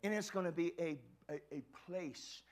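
A male pastor preaching a sermon, swinging from hushed, quiet lines to fervent shouts, often repeating words and restarting sentences. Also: fairly high pitch, moderate pace.

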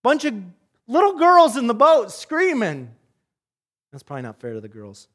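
A man preaching a sermon, telling a story with animation and swinging between loud and soft passages. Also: very high-pitched, huge pitch swings, moderate pace. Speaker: pastor.

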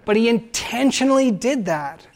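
Guy preaching a sermon, animated, acts out the voices, talks right to the room. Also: very high-pitched, moderate pace. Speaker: pastor.

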